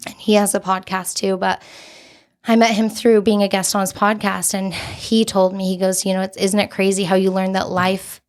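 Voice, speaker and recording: A woman's voice: medium pitch, level tone, normal speed. A young adult woman, a podcast guest, telling a personal story in an earnest, candid way with many casual fillers.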